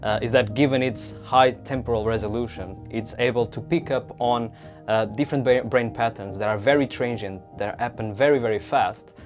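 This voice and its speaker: Low-voiced man researcher over guitar. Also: darkish tone. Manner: explanatory, with hesitant fillers. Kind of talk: documentary interview. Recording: guitar music underneath.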